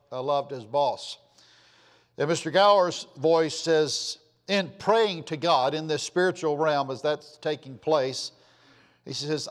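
A man preaching a sermon in an earnest, pleading way, his voice dropping softly at the ends of phrases. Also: a little high, in a large hall.

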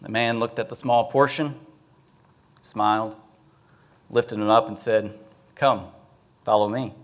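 A man's voice: fairly low pitch, fairly even intonation, measured pace. A male preacher gives a sermon, telling a Bible story with some filler words.

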